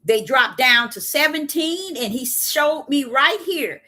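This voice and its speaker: A woman's voice: high voice, expressive, slow pace, bright, forceful tone. A woman giving an impassioned Bible teaching, with an emphatic, repetitive preacher's cadence and many rhetorical questions. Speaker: self-styled prophetess preaching.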